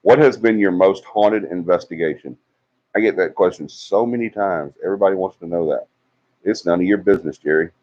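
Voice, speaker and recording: The host, a man from Alabama, has a low, slightly mellow voice and a brisk delivery. He runs a relaxed livestream, reading out comments and teasing viewers chattily, and the audio is dull and lo-fi.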